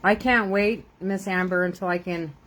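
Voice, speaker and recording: A woman's voice: fairly low pitch, steady tone, normal speed, a bit bright, poor audio. An older woman, a grandmother, chatting casually and rambling while she crafts on a live stream, laughing often.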